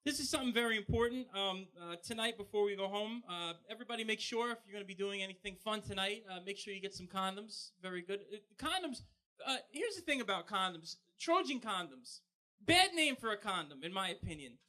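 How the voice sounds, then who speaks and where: A man doing a stand-up comedy set on a live bar stage, delivering punchy jokes with quick asides into a handheld mic. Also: high-pitched, expressive, sharp tone.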